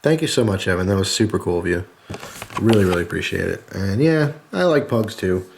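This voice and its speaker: Lower-voiced male host, casual and jokey, reading viewer cards to camera. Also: animated, a little fast, vocal fry, a little hiss or hum. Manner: chatty, jokey, thanks readers warmly. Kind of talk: casual chat.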